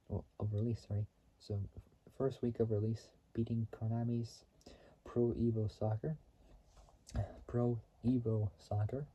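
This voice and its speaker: In a muffled recording, a man with a lowish, warm, husky voice hosts a gaming video. He chats casually about a racing game's trivia, rambling and frequently restarting or correcting himself mid-sentence.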